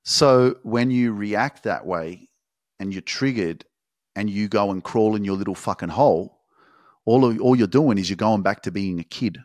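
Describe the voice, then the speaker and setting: A man hosting a podcast, giving an intense, profane motivational monologue with emphatic, drawn-out phrasing. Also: fairly low pitch, a little mellow, no room sound. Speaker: podcast host.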